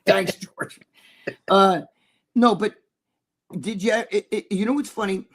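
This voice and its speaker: A middle-aged man talks in a fairly high voice, rambling through stories full of profanity. He sounds like a co-host on a loose, casual live-stream chat. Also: slow pace, fairly bright tone.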